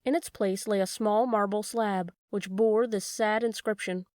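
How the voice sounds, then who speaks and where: A woman narrating a classic children's tale in a calm, measured storybook reading. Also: medium pitch, no room sound, clean studio sound. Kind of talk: storybook read-aloud.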